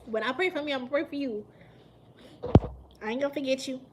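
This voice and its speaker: A woman, chatting casually with viewers on a live stream, animated and emphatic and laughing often. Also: high voice, fast talker, background noise. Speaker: mukbang livestream host.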